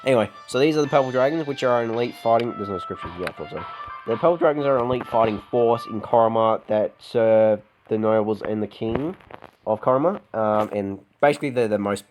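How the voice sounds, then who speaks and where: A man's voice: medium pitch, fast talker, a little mellow, poor audio. An Australian man hosting a game playthrough, reading dialogue aloud with frequent restarts and chuckles. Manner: stumbling restarts, chuckling, voices characters loosely. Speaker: let's play host. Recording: game music playing underneath. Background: game music.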